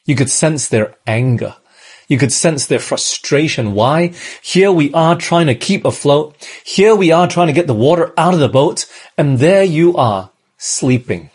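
A man's voice: fairly high pitch, lively intonation, measured pace, darkish tone, slightly rough. A man preaching a sermon, earnest and repetitive, often putting rhetorical questions to his listeners. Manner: earnest, repeats phrases, asks the congregation rhetorical questions.

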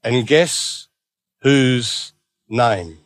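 A man preaching a sermon as a lively storyteller with playful asides. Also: mid-range voice, drawn-out words.

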